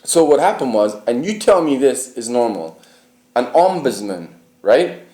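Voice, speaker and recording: A man's voice: medium pitch, sing-song, measured pace, mellow, roomy sound. A man from the United Kingdom telling his personal story in an interview, emphatic and profane, often asking the listener whether he is right.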